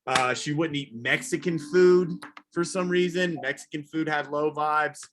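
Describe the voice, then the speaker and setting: A man doing a rambling, self-deprecating stand-up comedy set, now and then yelling high whoops. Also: fairly even intonation, unhurried, noisy background. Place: comedy show, live virtual audience.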